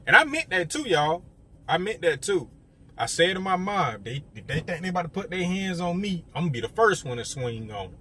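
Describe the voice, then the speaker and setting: His high voice is very animated, fairly quick, and pushed and bright, over slight background noise. A young man shares a story with his viewers casually, often turning to address them directly and using many fillers.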